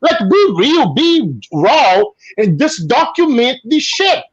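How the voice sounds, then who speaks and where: Brazilian-accented man, casual guest, animated storyteller, high bouncy voice, dry slightly dull sound. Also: slow pace, breathy edge, no echo. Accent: Brazilian Portuguese. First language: Portuguese. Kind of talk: casual chat on a video call.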